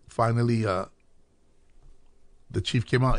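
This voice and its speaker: A man's voice: medium pitch, fairly even intonation, a little slow, long pauses, no room sound. A man from Chicago, a podcast guest telling his life story in casual talk, acting out quoted dialogue as he goes.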